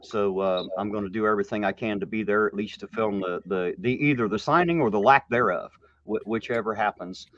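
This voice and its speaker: Fast talking guy on a livestream video call, trips over his words, muffled lo-fi audio, faint hiss behind. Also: fairly low pitch, a bit bright, no echo. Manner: quick and chatty, with stumbling repeats. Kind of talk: casual chat on a livestream.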